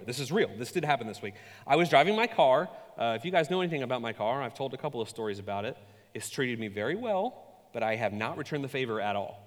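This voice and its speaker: A man preaching a sermon, telling stories with animated, self-mocking humor. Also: mid-range voice, big-room sound. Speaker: pastor.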